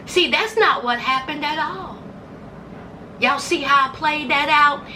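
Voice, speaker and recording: A woman's voice: high voice, a little slow, pushed and bright, slight background noise, low-quality recording. A woman giving casual, sarcastic commentary on a reality show, acting out scenes in put-on voices.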